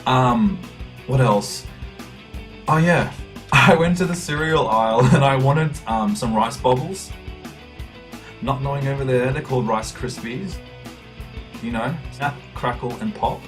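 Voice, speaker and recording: A man's voice: medium pitch, unhurried, long pauses, soft background music. A young man with an Australian accent, chatting casually to camera about his travels and laughing at his own stories. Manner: chatty, laughing, acts out quotes. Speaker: vlogger.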